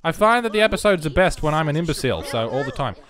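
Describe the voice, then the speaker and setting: An excitable man, rambling through casual gameplay commentary and bursting into shouts. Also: a little high, fast. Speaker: game streamer.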